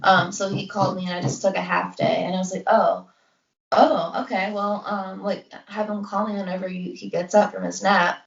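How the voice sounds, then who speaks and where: A young woman co-hosts a casual podcast, rambling through a story with endless "like"s and acted-out quotes. Her voice carries a gravelly fry. The recording sounds roomy and dull, as if she sits away from the mic. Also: mid-range voice, flat delivery, normal speed, recorded from a distance. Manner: rambling, heavy use of "like", acts out quotes. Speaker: podcast co-host.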